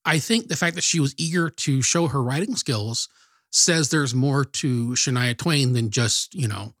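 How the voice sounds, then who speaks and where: A man's voice: medium pitch, measured pace, fairly bright tone, no room sound. A man co-hosting a music podcast, telling stories and making dry jokes in casual chat. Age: adult past college age. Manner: storytelling, dry joking. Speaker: podcast co-host.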